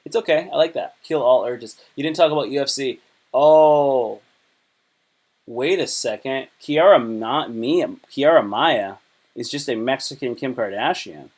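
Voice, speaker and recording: A man's voice: medium pitch, measured pace, a little mellow. Slangy, rambling male livestreamer. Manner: slangy, rambling, reads tweets aloud and jokes. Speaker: livestream host. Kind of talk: casual chat.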